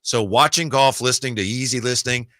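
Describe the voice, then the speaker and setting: A man's voice: medium pitch, fairly quick, dry recording. A man hosting a sports radio show, joking around in casual chat at a studio mic. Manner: playful, jokey, animated delivery. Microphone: studio microphone.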